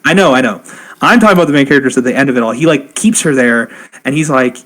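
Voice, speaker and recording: A young man co-hosting a podcast in casual chat, excitable and gushing, rambling through explanations. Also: mid-range voice, quick pace. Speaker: podcast co-host.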